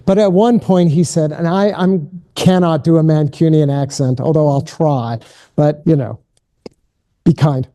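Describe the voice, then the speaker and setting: Man, middle-aged, spiritual director, gentle, self-deprecating, fairly high voice, very mellow tone. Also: a little slow. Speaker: keynote speaker and spiritual director. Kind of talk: guided contemplative prayer, then lecture.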